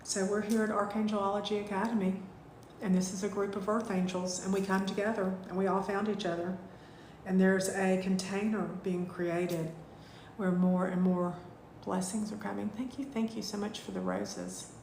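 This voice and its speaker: Woman, spiritual class teacher, gushing and heartfelt, gravelly fry, echoey room with faint background hum. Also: mid-range voice, fairly even intonation. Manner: warm and gushing, with drawn-out thank-yous. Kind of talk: live online class, casual and emotional.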